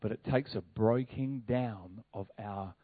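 A male pastor preaching a sermon in a lively, conversational way, full of rhetorical questions. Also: on the low side, takes it slowly, dry recording. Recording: tinny phone-like, dry sound.

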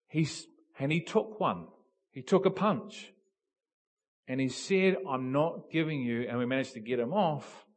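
A man from New preaches with a mid-pitched voice. He tells stories with animated energy and pushes to loud, emphatic peaks. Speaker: pastor. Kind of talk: sermon.

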